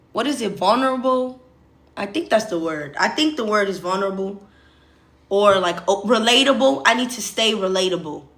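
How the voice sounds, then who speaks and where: A woman's voice: mid-range voice, bright, forceful tone. A young woman from the States, chatting casually and rambling to her livestream viewers, talking straight to them. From Southern United States. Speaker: streamer. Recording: roomy echo.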